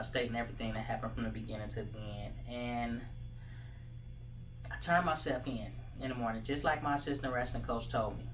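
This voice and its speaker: A man tells his own story in a meandering monologue, filling his pauses with "you know" and "like." His voice sits at an ordinary middle pitch. The mic is a little far from him, and a faint noise runs under the recording. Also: a bit bright. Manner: rambling, full of "you know" and "like" fillers.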